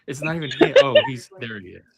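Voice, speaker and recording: A speaker trades dry, wry remarks in a casual panel chat. The voice rises and falls a lot, and loud crowd noise sits behind it. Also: medium pitch, lively intonation, quick pace, creaky. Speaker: panel co-host.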